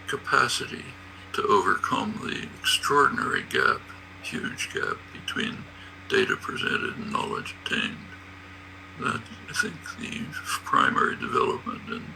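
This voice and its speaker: An older man speaks in a heavily gravelly, low voice, his phrasing slow and halting as he lays out ideas like a lecture. His pitch swings widely, and a steady hum sits under a lo-fi recording. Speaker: linguist answering at a panel. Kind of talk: spoken lecture.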